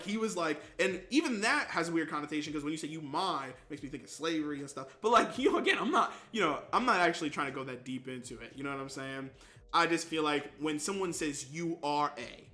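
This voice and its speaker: A young man streaming games and chatting casually with viewers, telling stories animatedly and acting out quotes with sudden jumps in pitch. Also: sharp tone. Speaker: gaming streamer.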